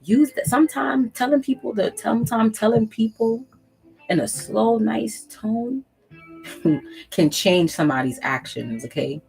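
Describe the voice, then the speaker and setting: A woman's voice: fairly high pitch, expressive, unhurried, vocal fry, a little mellow, soft background music, rough recording. A woman reading tarot on her channel, giving emphatic, preachy spiritual advice straight to camera, repeating phrases for weight and swearing casually. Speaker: tarot reader and channel host.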